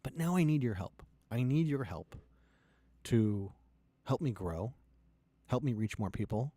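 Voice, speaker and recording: A startup founder ranting and pitching with heavy swearing, swinging from loud outbursts to low, quiet lines. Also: male voice, animated, measured pace, dry recording. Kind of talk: impassioned profane rant and pitch.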